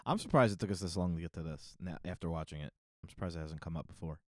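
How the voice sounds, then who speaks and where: A man's voice: sits low, rapid-fire, darkish tone, dry recording, studio quality. A man with a Philadelphia-area accent, co-hosting a movie podcast in a laid-back, casual way. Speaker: podcast co-host. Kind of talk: casual chat.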